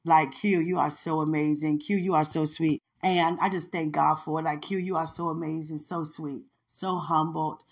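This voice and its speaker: A woman's voice: deep voice, steady tone, normal speed, few pauses. A woman hosting a podcast alone in a casual, chatty way, laughing often, bursting into bits of song and giving thanks to God. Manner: testifying with religious thankfulness. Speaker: podcast host. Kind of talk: casual solo chat.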